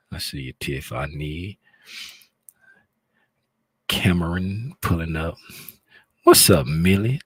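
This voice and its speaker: A man's voice: low-pitched, fairly bright tone, slightly rough, no echo. A man hosting a trading livestream, joking loosely with viewers and greeting them by name before teaching. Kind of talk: casual livestream chat and teaching. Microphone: talks close to a microphone.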